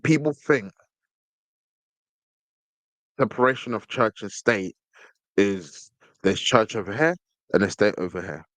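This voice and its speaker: A man's voice: fairly low pitch, lively intonation, unhurried, pauses often, no echo. Emphatic man hosting a podcast. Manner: emphatic, repeats words when stressing a point. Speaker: podcast host. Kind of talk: casual commentary reading from a screen.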